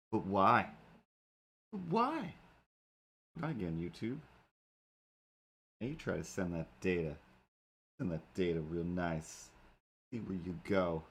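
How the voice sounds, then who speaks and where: Male streamer, casual rambling host who talks to his own tools; low, slow delivery. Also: slightly rough. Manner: rambling, talks to his software and animated cat helper. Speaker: livestream host and cartoonist. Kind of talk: casual livestream chatter.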